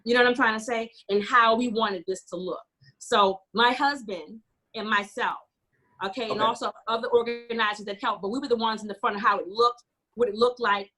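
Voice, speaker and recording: Speaking a little fast in a fairly high, pushed and bright voice with fairly even intonation, this American woman is a community organizer on a panel discussion. Her storytelling is passionate and full of quoted dialogue.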